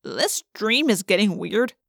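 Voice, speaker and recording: A woman's voice: medium pitch, expressive, measured pace, creaky, fairly bright tone, no echo, clean studio sound, full character voice. A woman voicing a wisecracking, jumpy teenage boy in an audiobook. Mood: wry. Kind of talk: audiobook character voice.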